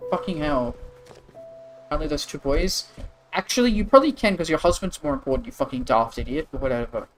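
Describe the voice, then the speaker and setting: A man streaming a story game, sarcastic and sweary as he reads and comments. His voice sits a little high, and game music plays clearly behind him. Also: lively intonation, a little fast, rough recording. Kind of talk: live game commentary and reading.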